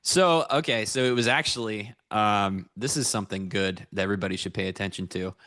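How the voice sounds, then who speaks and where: A man's voice: lowish voice, brisk, fairly bright tone, dry recording. A man co-hosting a live trading stream, chatting casually and laughing often. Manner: laughs often, playful and upbeat. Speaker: co-host and futures trader. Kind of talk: casual live-stream banter about trades. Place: studio.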